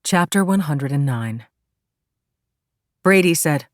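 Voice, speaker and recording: A woman's voice: low voice, a little slow, dry recording, studio quality. A woman reading a first-person crime thriller as audiobook narrator, in a tense, dramatic manner.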